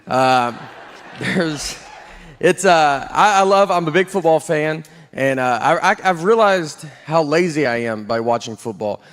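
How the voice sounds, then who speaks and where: Deadpan man telling stand-up stories. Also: fairly high pitch, measured pace, in a large hall. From Southern United States. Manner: deadpan storytelling with self-deprecating asides. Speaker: stand-up comedian. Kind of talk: stand-up comedy set.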